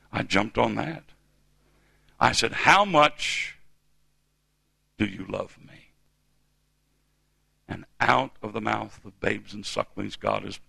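Male preacher, fifties, gravelly voice, bright forceful tone, call-and-response sermon. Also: on the low side, no room sound. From United States. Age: 50s. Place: church.

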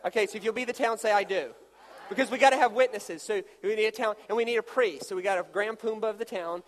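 Animated preacher man in a reverberant hall. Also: high voice, quick pace. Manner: animated, jokey storytelling with volunteers. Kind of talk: sermon with live demonstration.

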